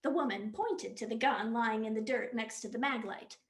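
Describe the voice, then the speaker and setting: A woman reading a comic novel aloud for the library, in an expressive, animated storytelling style. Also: on the high side, normal speed. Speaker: library staff reader. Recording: roomy echo.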